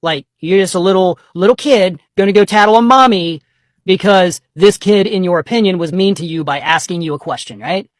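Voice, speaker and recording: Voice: mid-range voice, a little fast, no room sound. Scornful, profane political commentator.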